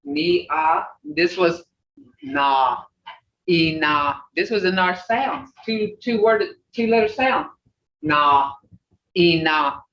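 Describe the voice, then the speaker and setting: A language teacher running an online class, folksy and plain-spoken, slowly repeating native words to drill their sounds. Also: mid-range voice, fairly bright tone. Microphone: video call. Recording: distant, roomy, dull video-call audio with faint hiss.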